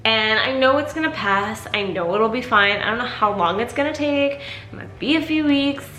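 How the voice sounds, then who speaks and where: A woman's voice: fairly high pitch, moderate pace, bright, forceful tone, slight background noise. A tired woman vlogging candidly and casually, rambling with lots of fillers. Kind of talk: casual personal vlog talk. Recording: echoey room.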